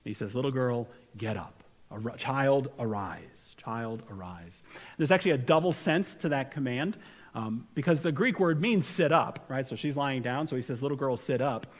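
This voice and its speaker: A man's voice: mid-range voice, lively intonation, a little fast, long reverb tail, rough recording. A man preaching a sermon as pastor, talking conversationally with rhetorical questions and frequent restarts. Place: church sanctuary.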